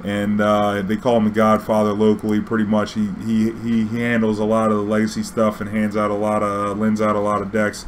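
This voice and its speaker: A young man telling a story casually, profane and animated, acting out dialogue. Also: on the low side, brisk, few pauses, slight background noise.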